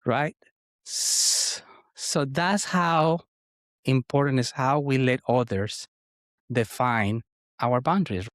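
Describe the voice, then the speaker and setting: A man, co-hosting a talk show, telling a story in a lively, animated way. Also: medium pitch, takes it slowly, long pauses, no echo, clean studio sound. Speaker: podcast co-host. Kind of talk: conversational storytelling.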